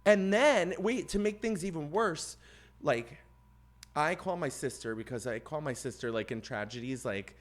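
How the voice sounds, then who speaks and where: This podcast co-host has a higher-than-average voice and a normal speaking speed. He relates a long personal story in a relaxed chat, bringing the other characters to life with animated impressions, and gets loud at the climax.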